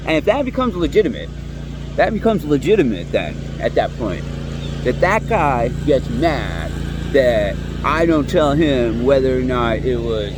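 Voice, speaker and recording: A man's voice: mid-range voice, noisy background. A man in his late thirties giving a profane, rambling, heated monologue outdoors. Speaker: vlogger. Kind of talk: ranting monologue. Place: outdoors near woods.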